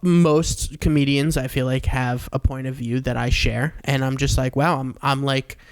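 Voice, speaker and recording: A young man co-hosting a comedy podcast, talking in an animated, self-mocking way and swearing freely. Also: medium pitch, moderate pace, smooth. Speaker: podcast co-host. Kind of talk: casual comedic chat.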